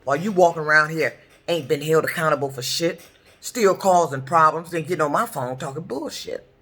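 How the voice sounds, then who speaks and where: Middle-aged woman, bright tense voice, heated profane vlog rant. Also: low voice, a little fast. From Detroit, US. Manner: heated, profane, repetitive ranting. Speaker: truck driver. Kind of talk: angry ranting vlog.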